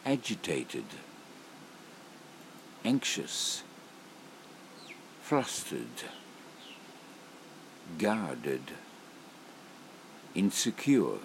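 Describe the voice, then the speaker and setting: A man with a low, gravelly voice reads single words one by one at a very slow pace. His pitch rises and falls widely from word to word. A faint hiss of noise sits under the recording. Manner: slow, deliberate word-by-word reading with long pauses. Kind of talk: slow list of emotion words read aloud.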